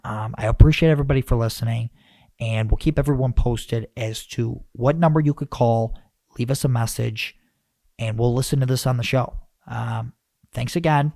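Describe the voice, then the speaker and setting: A man hosting a podcast, rambling and animated as he rants, with lots of restarts. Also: mid-range voice, normal speed, vocal fry, no echo, studio quality. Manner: animated, rambling, self-interrupting. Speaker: podcast host. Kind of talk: casual podcast rant.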